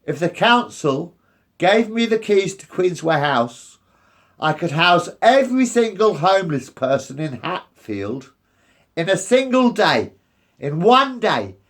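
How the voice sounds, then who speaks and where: A man's voice: sits high, sing-song, measured pace, fairly bright tone. A man, ranting angrily and repetitively with lots of swearing. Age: 50s. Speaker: resident facing eviction. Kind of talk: angry rant to camera.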